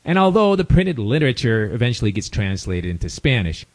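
A man's voice: medium pitch, big pitch swings, brisk. An older man with a Chicago accent, telling a casual story full of wry, chatty asides. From United States. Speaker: expat storyteller.

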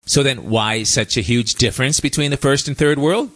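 A man's voice: medium pitch, moderate pace. A man hosting a show, telling travel stories in a chatty monologue with wry asides. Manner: chatty, wry asides, lively rising and falling delivery. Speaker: host. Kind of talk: casual storytelling monologue.

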